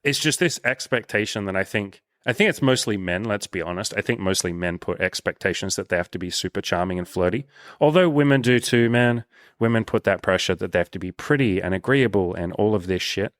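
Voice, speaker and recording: A man's voice: lowish voice, lively intonation, fairly quick, no room sound, clean studio sound. A man hosting a casual coaching interview, talking animatedly, swearing freely and acting out little bits of dialogue. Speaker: dating coach and host.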